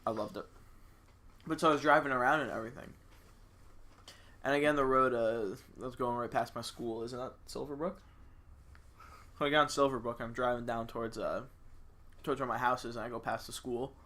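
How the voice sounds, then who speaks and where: Young male co-host, mid-pitch, rambling casual storyteller. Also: steady tone, a little fast, long pauses, bright, forceful tone. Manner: rambling storyteller, many "like" fillers. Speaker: podcast co-host. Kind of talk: casual chat.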